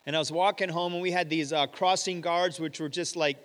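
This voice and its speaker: Guy preaching a sermon, kinda high voice, storytelling, echoey big room. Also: a little fast. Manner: storytelling with rhetorical questions, animated quoting. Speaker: pastor. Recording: long hall reverb.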